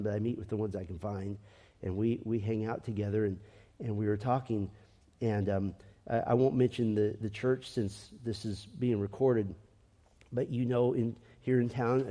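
A man's voice: mid-range voice, mellow. A man preaching a sermon as pastor, earnest and conversational, with frequent restarts, ending in a prayer. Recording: long hall reverb.

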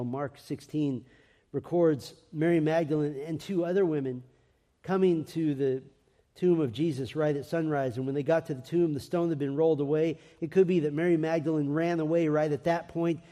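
A man delivers a sermon in a high-pitched, soft-toned voice. He moves between emphatic passages and quiet, hushed ones. His words ring out with a long reverb, as if spoken in a large hall. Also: steady tone, fairly quick. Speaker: preacher.

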